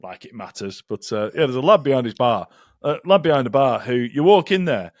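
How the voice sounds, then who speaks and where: A man's voice: mid-range voice, lively intonation, a little fast, dry recording, clean studio sound. A man co-hosting a podcast, chatting casually with his friend, often laughing and swearing. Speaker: podcast co-host. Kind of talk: casual banter.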